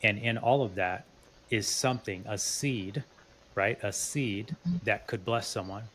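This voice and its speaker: A low-pitched man hosts a podcast interview in an earnest, casual way, often restarting his phrases. A faint noise sits under his voice. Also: unhurried, a bit bright. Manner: earnest, repeats words when restarting. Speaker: podcast host.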